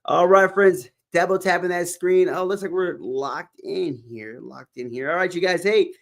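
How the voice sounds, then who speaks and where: A man's voice: high voice, moderate pace, vocal fry. A man from Texas hosting a casual livestream, upbeat and repeating calls to tap the screen. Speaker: livestream host.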